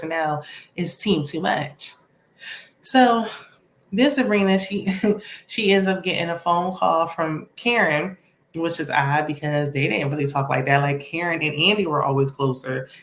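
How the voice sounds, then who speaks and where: Sassy, lower-voiced woman recapping TV. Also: moderate pace, reverberant. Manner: chatty, sassy, opinionated. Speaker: TV recap vlogger. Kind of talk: casual TV episode recap.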